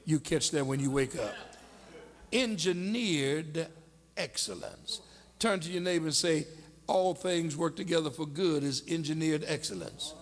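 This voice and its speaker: A man preaching a sermon in a church, moving between slow teaching and shouted declarations and calling on the congregation to respond. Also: fairly high pitch. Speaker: pastor. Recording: long hall reverb.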